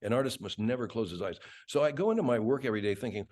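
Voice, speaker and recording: An older man, a radio host and voice actor, chatting as a guest with animated, profane, laughing storytelling. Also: lowish voice, racing. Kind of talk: casual interview chat.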